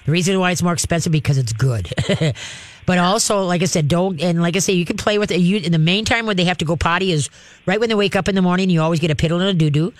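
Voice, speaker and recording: A man whose voice sits high hosts a call-in radio show about dogs, talking at a quick pace. As a dog trainer, he gives folksy, chatty advice, checking in with "okay?" and "all right?" along the way. There's no echo.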